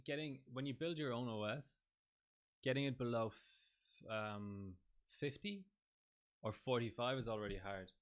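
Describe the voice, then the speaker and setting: A man casually commenting on his livestream, thinking aloud in a halting way with fillers. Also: mid-range voice, fairly even intonation. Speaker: overclocking livestream host.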